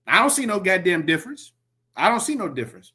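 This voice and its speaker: A man's voice: high-pitched, sing-song, fast, sharp tone. A man giving a profane, emphatic preaching commentary, repeating himself and reading scripture aloud. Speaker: religious commentator.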